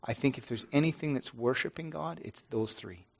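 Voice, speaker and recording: A middle-aged pastor speaking earnestly and haltingly to his congregation, with many restarts. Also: mid-range voice, vocal fry. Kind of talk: informal devotional talk to a congregation.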